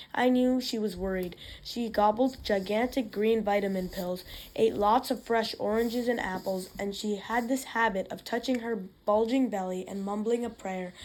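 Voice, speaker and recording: A woman's voice: medium pitch, a little mellow. A woman reading a novel aloud in the first person, with occasional slips and restarts. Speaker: reader.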